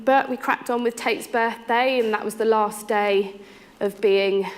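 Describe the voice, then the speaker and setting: A woman's voice: mid-range voice, a little slow, gravelly. Candid young mum telling her story. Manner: candid, frank, lively quoting of others and herself. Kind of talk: personal storytelling.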